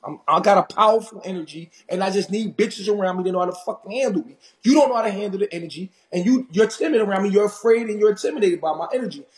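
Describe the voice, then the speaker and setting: A man from Harlem with a New York accent, ranting intensely and confrontationally on a live stream, loud and in your face. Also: high voice, expressive, racing, hardly any pauses. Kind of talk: heated live stream rant.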